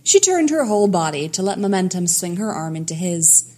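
A woman narrating a fan fiction story in a lively storytelling manner. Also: on the low side, brisk.

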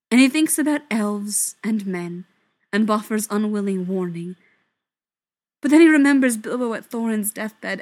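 A woman narrating a story in a soft voice that often drops to a whisper. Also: mid-range voice, unhurried. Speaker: story reader.

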